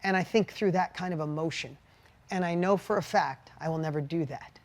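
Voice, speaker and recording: A middle-aged man and his wife co-host a podcast, where he talks in an earnest, heartfelt, confessional manner and tells animated stories. His pitch is fairly high and he speaks a little fast.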